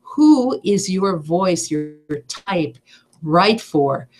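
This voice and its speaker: A middle-aged woman teaching a voice-over seminar, energetic and emphatic in an upbeat way. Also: fairly low pitch, drawn-out words. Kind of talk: seminar talk.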